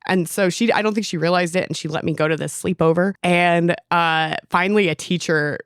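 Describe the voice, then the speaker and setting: A young adult woman co-hosting a podcast, telling stories in an animated way and reading verse in a sing-song manner. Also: fairly low pitch, fairly quick, clean tone, no echo, studio quality. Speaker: podcast co-host. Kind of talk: casual chat and poem reading.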